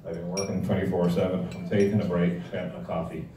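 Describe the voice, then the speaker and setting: A man's voice: low voice, level tone, fast talker, dark tone, slight background noise, lightly acted. A man voicing Saint Peter as a weary, bossy gatekeeper at heaven's gate. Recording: distant echoey room mic, faint clatter.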